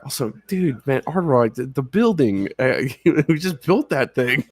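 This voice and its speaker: A man's voice: mid-range voice, lively intonation, normal speed, a little mellow, breathy edge. A man playing a tabletop game, making casual asides to the group. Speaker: player.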